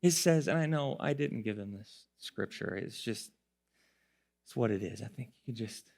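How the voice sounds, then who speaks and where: A male pastor preaching a sermon, telling the story with animated voices, laughter and occasional shouts. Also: mid-range voice, normal speed, vocal fry.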